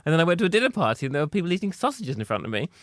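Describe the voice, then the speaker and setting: A man's voice: fairly high pitch, very animated, rapid-fire, dry recording, studio quality. A man talking as a guest comedian in a casual chat, wry and self-deprecating.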